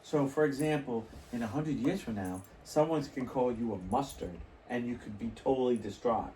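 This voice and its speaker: A man's voice: medium pitch, normal speed, warm tone, distant mic, slight background noise. A man co-hosting a podcast in casual chat, telling rambling stories with restarts and laughs. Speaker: podcast co-host. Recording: echoey room, away from the mic.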